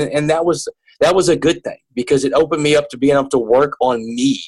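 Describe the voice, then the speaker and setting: Husky-voiced man telling his story. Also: medium pitch, darkish tone, low-quality recording. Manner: earnest, repeats and restarts words. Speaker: interview guest. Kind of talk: earnest personal storytelling.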